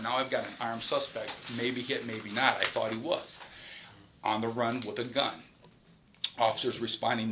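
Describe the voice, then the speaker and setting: A man, a police supervisor, recounts a shooting in detail during a formal interview, in halting runs with restarts and a polite "yes, sir.". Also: on the low side, noisy background. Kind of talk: recorded investigative interview.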